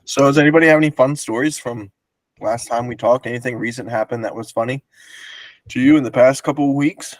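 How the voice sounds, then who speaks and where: A man's voice: medium pitch, fairly even intonation, brisk, dry recording. A man hosting a casual podcast, telling a long rambling story with laughs and swearing. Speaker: podcast host.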